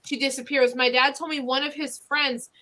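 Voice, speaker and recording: Pa woman hosting a podcast, high bright voice, rambles thru ghost stories w lots of ums. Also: level tone, moderate pace. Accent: Northeastern Pennsylvania. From Northeastern Pennsylvania. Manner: rambling storyteller, many fillers and restarts. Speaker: podcast host. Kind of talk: casual ghost-story chat.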